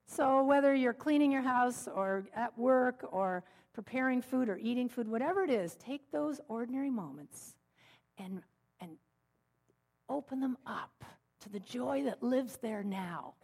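A middle-aged woman minister giving a sermon, telling stories with gentle humor. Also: fairly high pitch, measured pace. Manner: warm storytelling with gentle humor.

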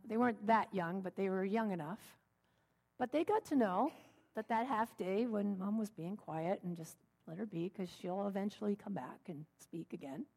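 A middle-aged woman minister preaching in a relaxed, storytelling way. Her voice sits in an ordinary middle pitch, and she mixes gentle jokes in with her teaching. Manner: warm storytelling with gentle humor. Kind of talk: sermon.

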